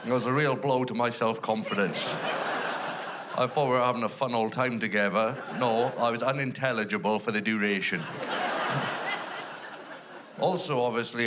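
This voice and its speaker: Welsh man, stand-up comedian, mid-pitched voice, dry and self-deprecating, live theatre with noticeable hiss. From Wales. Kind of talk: stand-up storytelling. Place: large theatre stage with a live audience. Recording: live theatre with background noise.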